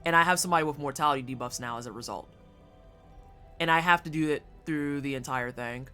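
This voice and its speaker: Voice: fast talker, pushed and bright, soft background music. A streamer giving casual, profane commentary while playing a game and chatting with viewers. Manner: profane, chatty, jumps into high-pitched silly voices.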